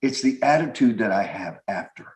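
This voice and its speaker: A middle-aged man pastor preaching, playful and animated, trading jokes with his wife in front of the church. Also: lowish voice, moderate pace. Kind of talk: sermon with banter. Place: church sanctuary. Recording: echoey church room.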